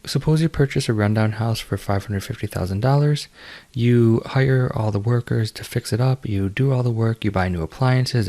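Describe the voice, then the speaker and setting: A man lecturing on finance in a measured, explanatory way, with fillers and restarts. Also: lowish voice, darkish tone. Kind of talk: recorded lecture.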